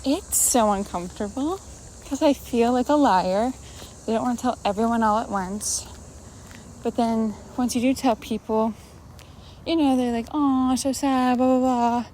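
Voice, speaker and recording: A woman's voice: a little high, dark tone, recorded from a distance. A woman in her twenties vlogging in a casual, rambling, anxious way, often poking fun at herself. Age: 20s. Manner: rambling, self-mocking, anxious. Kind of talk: casual vlog chat. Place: room at home, moving around while working out. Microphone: phone camera, sometimes from across the room. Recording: echoey room with faint noise.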